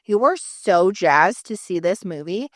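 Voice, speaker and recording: A woman co-hosting a casual podcast chat, telling animated stories with lots of swearing and acted-out quotes. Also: on the low side, unhurried, no room sound, studio quality. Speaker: podcast co-host.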